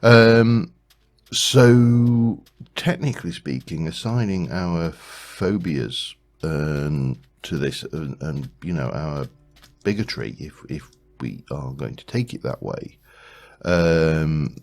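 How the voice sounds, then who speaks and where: A man's voice: rumbling low, takes it slowly, a little mellow. A man hosting a let's play, musing aloud in casual gameplay commentary, rambling with frequent restarts.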